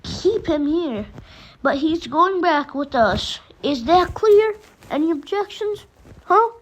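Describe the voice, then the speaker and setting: A woman voicing a menacing male gang leader with a bat, taunting and sneering in a loud, mocking voice. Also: very high-pitched, lively intonation, slow, slight background noise, exaggerated voice.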